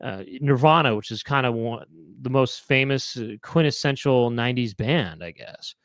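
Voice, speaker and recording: Man, live chat host, casual rambling talk, lots of fillers, mid-pitched, dry sound. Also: normal speed, a bit bright, no room sound. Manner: rambling, musing aloud with many fillers and restarts.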